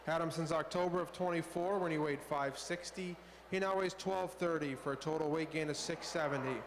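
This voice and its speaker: A man reading out exhibitor introductions at a livestock sale in a measured, formal announcing style. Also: a little high, big-room sound, noisy background. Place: indoor livestock show arena over PA.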